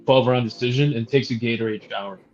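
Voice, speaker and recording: A man's voice: mid-range voice, fast talker, a loud crowd. Blunt man on a dull lo-fi mic. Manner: blunt, profane. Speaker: podcast co-host. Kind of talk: casual boxing chat.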